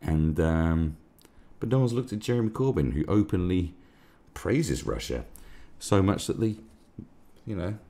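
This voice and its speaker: A man's voice: low voice, expressive, measured pace, mellow. A man hosting a live stream, ranting sarcastically and swearing a lot in casual commentary. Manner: crude, sarcastic, swears often.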